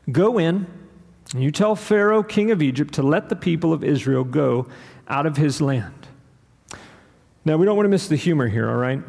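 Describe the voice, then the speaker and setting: Guy preaching, kinda higher voice with gravel in it, big reverby church sound. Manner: rhythmic, builds to loud emphatic peaks. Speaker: pastor. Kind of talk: sermon. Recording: long hall reverb.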